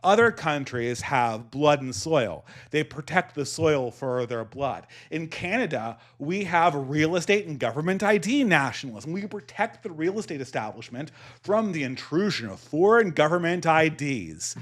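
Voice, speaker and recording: Brief: Californian-accented male podcast host, slight lisp, higher-pitched voice, rambling anecdotal chat. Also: sing-song, normal speed. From United States. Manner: rambling storytelling with many restarts and frequent laughs. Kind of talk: casual chat.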